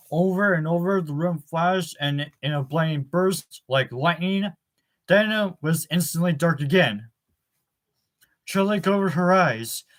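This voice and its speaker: A man reading a novel chapter aloud in a plain voice, with occasional fillers and self-corrections. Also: fairly high pitch. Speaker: audiobook reader.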